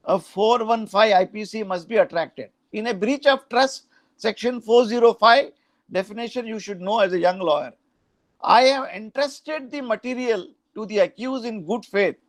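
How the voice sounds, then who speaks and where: A man's voice: high voice, no echo. A middle-aged Indian man teaching a law class, explaining procedure with frequent "huh?" checks and Hindi asides. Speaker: law professor.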